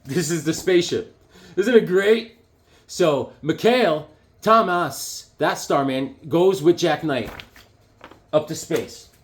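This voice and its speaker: A man with a slightly high voice rambles eagerly through a show-and-tell of his comic books. He trips over his words and restarts often, then bursts into excitement. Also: takes it slowly. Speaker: comic book collector reviewing issues. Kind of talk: casual show-and-tell vlog.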